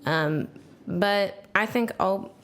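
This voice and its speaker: A woman co-hosting a podcast in relaxed casual chat, laughing often. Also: medium pitch, very slow. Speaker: podcast co-host.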